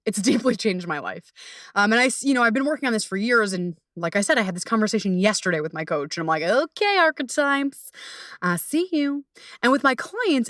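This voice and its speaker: Young woman coach rambling on her podcast, cusses a lot, laughs a bunch, jumps way up high when she gets excited, dry close mic. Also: no room sound. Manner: animated, swearing freely, laughing often, rising into high excited bursts. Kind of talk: casual solo podcast talk.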